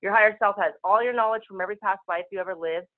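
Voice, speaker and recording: A woman speaking as a spiritual healer guest, talking very fast in casual, rushing speech over a telephone call-in. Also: mid-range voice. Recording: tinny phone line.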